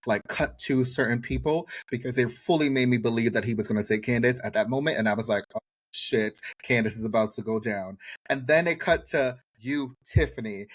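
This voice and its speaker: A man co-hosting a podcast with an American accent, recapping a reality show in casual chat and acting out what people said. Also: mid-range voice. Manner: animated storyteller acting out quotes. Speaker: podcast co-host.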